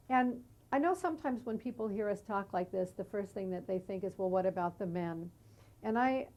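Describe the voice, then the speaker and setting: Mellow-voiced woman, earnest activist guest. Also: mid-range voice. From United States. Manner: earnest, reflective, with small restarts. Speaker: guest, singer and peace activist. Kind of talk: studio talk show conversation. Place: community TV studio.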